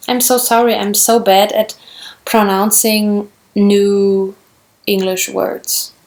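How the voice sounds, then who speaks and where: A German woman with a German accent, chatting casually in English on her knitting vlog, gushing over yarn and restarting often. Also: mid-range voice. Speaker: knitting vlogger. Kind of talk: casual show-and-tell.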